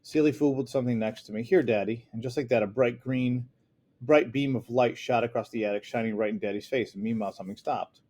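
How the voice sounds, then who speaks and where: A man narrating a first-person novel aloud with steady, earnest delivery. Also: medium pitch, fast. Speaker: audiobook narrator. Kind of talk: first-person audiobook reading.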